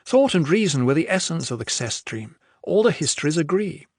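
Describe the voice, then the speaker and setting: A man's voice: on the high side, sing-song, a little fast, breathy edge, no echo, studio quality, pitched above the performer's own voice, full character voice. Man voicing a defiant young noblewoman. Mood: bewildered. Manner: demanding, voice cracking.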